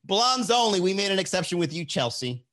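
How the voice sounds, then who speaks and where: A man's voice: high-pitched, sing-song, brisk, fairly bright tone, voice pushed up. A man mimicking a clique of catty, snobbish young women with a sneering, mocking voice.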